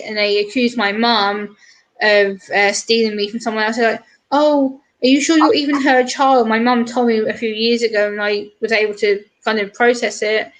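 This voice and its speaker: A woman's voice: fairly high pitch, fairly bright tone. A woman co-hosting a livestream, telling family anecdotes and greeting viewers by name. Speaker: livestream co-host. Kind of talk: casual chat.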